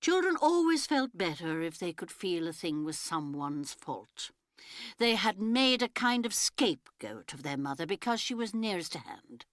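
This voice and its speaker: A woman reading a novel aloud as an audiobook narrator, measured and expressive. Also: lowish voice, dry recording, clean studio sound.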